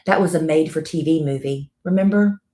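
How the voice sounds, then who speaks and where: A woman's voice: low voice, fairly quick, warm tone. A middle-aged woman with a Southern US accent, co-hosting a casual live-stream chat and telling stories at length. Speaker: co-host.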